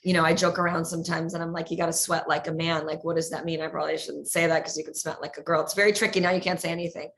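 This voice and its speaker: Energetic middle-aged woman, low voice. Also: rapid-fire, hardly any pauses. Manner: energetic, laughs often, repeats words as she talks. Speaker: guest. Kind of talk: casual interview chat.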